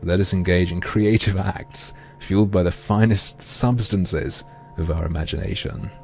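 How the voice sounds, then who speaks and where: A man voicing a flamboyant, creepy male pheasant artist, speaking slowly and hushed with theatrical politeness. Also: low voice, steady tone, creaky, faint music behind. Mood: silky menacing. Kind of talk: game dialogue read-aloud.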